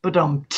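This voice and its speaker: A woman hosting a casual chat over a video call, talking bluntly and swearing freely, laughing often. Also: high voice. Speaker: host.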